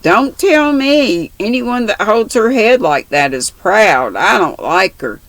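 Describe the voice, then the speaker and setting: A woman voicing a blunt, rough-talking orphan girl with plain country grammar, reading a storybook aloud. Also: deep voice, very animated, slow, fairly bright tone, no echo, full character voice, rough recording. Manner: plain-spoken, rustic grammar.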